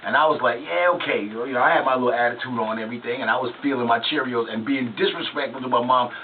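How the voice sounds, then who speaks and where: A man's voice: medium pitch, steady tone, fast, far from the mic. A man hosting a radio talk show, preaching to parents and telling stories about his own childhood in an emphatic way. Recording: lo-fi phone-like line with hiss, off-mic.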